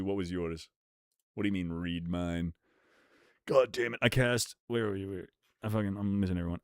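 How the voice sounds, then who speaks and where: A male streamer hangs out with his viewers, rowdy, jokey, and profane, breaking into rants where his pitch jumps around. The recording is dry and studio quality.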